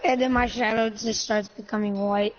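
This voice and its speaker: A woman's voice: mid-range voice, fairly even intonation, normal speed. A woman improvising her part in a roleplay, describing her own actions casually. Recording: dull lo-fi recording with music.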